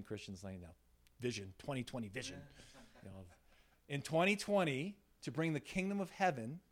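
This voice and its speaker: Animated storytelling preacher, a man. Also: fairly high pitch. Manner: animated, laughing, frequent "right?" tag questions. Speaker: pastor. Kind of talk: informal sermon with storytelling. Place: small room in a church setting.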